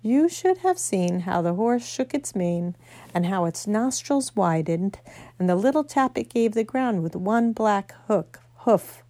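A woman reading a children's novel aloud, gentle storytelling with small slips. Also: mid-range voice, expressive, unhurried, no echo. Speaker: narrator.

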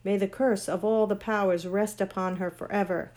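An imperious ancient queen of sorcery speaks, voiced by a woman reading a storybook aloud. Her voice is grand, cold and commanding, with a pitch that sits at an ordinary middle height. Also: steady tone, moderate pace, a little mellow, lightly acted.

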